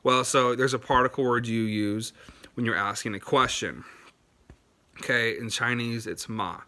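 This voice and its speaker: A man's voice: mid-range voice, fairly even intonation, normal speed, sharp tone. A man hosting a language-learning video, explaining in a chatty, unscripted way with many fillers and restarts, sounding words out to demonstrate. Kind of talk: casual explainer to camera.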